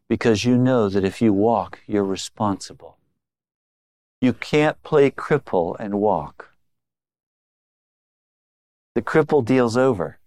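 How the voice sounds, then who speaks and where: Slow, emphatic male preacher. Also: a little mellow, no room sound, studio quality. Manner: dramatic swings between low intimate tones and raised emphatic lines. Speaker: pastor. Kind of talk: sermon.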